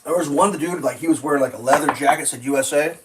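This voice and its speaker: A man's voice: on the high side, rapid-fire, noisy background. A man cooking pancakes at a griddle in his kitchen, telling stories in a loose, rambling and profane way. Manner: animated, profane storytelling. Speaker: vlogger cooking breakfast. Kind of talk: casual rambling chat.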